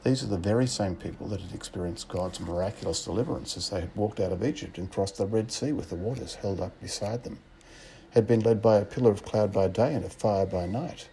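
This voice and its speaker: Man, Australian accent, sermon, measured and reflective, very low voice, faint noise behind. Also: vocal fry, dark tone. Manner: reflective, measured, with rhetorical questions. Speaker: preacher.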